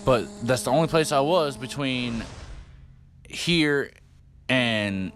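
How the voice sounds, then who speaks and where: Soft music plays behind a man in his fifties who narrates a story for his vlog in an easygoing, meandering style, cursing often and leaning on fillers. His mid-range voice is animated, slow, and a bit bright.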